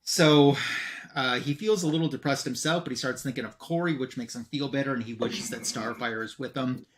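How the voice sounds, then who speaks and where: Animated man retelling a comic story. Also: a little fast. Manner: animated, swings in pitch and loudness, many ums. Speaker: comic review show host.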